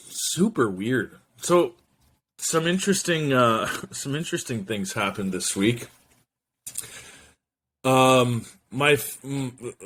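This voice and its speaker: A man's voice: mid-range voice, a bit bright. A man in his thirties hosting his own show, rambling casually to camera with profane jokes, slang and French asides. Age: 30s. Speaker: show host.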